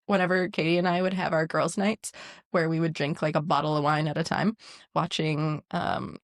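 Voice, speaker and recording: A young woman co-hosting a casual podcast, a mother of two small children, who chats warmly, laughs often and voices quotes in a bright tone. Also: deep voice, flat delivery, normal speed, dry recording, clean studio sound. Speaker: podcast co-host. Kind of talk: casual chat.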